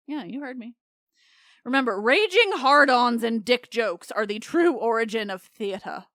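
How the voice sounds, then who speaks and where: A woman's voice: on the high side, lively intonation, moderate pace, a bit bright, no echo, clean studio sound. A woman hosting a podcast, retelling myths in a chatty, irreverent way that breaks into laughter. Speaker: podcast host. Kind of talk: comic myth retelling.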